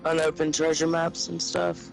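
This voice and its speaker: A man's voice: a little high, completely flat delivery, creaky, soft background music, low-quality recording. A man answering briefly and offhandedly while playing a game with a friend, swearing casually. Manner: terse, slow, offhand, swears. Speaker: gaming friend. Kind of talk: casual chat while gaming.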